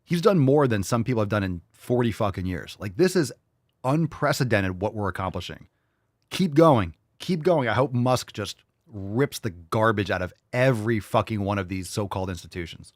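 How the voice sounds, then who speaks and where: A man's voice: on the low side, animated, normal speed, no room sound, clean studio sound. Profane, ranting male commentary host. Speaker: podcast host. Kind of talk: heated political commentary.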